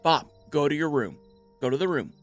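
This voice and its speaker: A man putting on a flustered male game developer who speaks in a hushed, fretful way and keeps repeating himself. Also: a little high, sing-song, moderate pace, dry recording, faint music behind.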